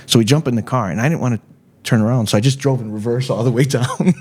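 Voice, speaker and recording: A man in his late forties chatting casually as a guest, telling an animated story, laughing often and acting out the voices of people he quotes. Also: medium pitch, fast. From Chicago. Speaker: guest artist.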